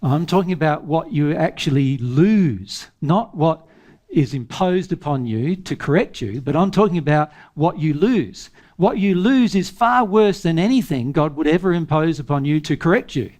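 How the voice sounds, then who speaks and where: A man's voice: a little high, lively intonation, normal speed, darkish tone. A man giving a spiritual seminar talk in an emphatic way, firing off rhetorical questions and chuckling to himself. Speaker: spiritual teacher.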